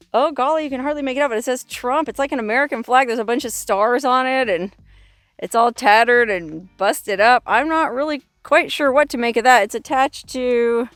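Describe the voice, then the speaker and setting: A woman's voice: a little high, no room sound. Chatty woman on a desert walkabout. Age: middle-aged. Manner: chatty, reads inscriptions aloud, exclaims softly. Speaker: vlogger exploring remote desert sites. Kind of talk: casual narrated walkabout. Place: outdoors in the open desert.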